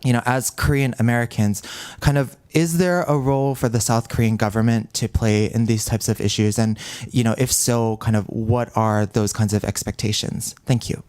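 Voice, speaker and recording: A man's voice: medium pitch, fairly even intonation, normal speed, hardly any pauses, darkish tone, smooth. A man in the audience, polite and formal, putting a question to a panel.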